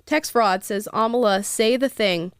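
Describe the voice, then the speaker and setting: A woman's voice: mid-range voice, measured pace, smooth, dry recording. Chatty woman livestream host, dry mic. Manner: lively, laughs often, sarcastic asides. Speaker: livestream host reading viewer comments. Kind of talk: casual live chat.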